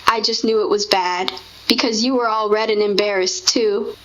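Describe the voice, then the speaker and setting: A woman in casual conversation with her partner, telling their shared story in an animated way. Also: mid-range voice, moderate pace, lo-fi sound. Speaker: co-host recounting a shared memory.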